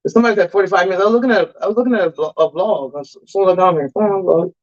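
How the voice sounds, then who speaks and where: A woman's voice: lowish voice, racing, a little mellow, muffled recording. A woman chatting with her viewers while she cooks on a live stream, calling them y'all. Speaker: cooking vlogger. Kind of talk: live-stream cooking chat. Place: home kitchen.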